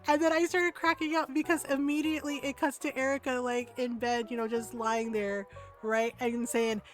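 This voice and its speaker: Middle-aged woman streamer with a raised pitch, rambling and laughing, soft music under her. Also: level tone, moderate pace. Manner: chatty, laughs often, full of fillers and restarts. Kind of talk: casual gaming stream chat.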